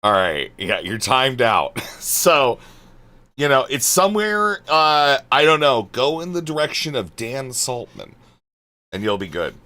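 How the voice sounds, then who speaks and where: A male streamer answers his chat live, bright-toned and swearing freely. He sounds fed up, his voice swinging high and low, and his remarks trail off into mutters. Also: very animated, measured pace. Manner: exasperated, swearing, muttering asides.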